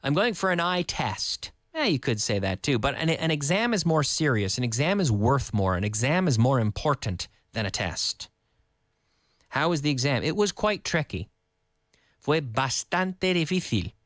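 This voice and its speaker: A man's voice: mid-range voice, big pitch swings, normal speed, fairly bright tone, dry recording, clean studio sound. A man teaching a live online English lesson, explaining with repeated example sentences, glossing words in Spanish and answering viewer comments.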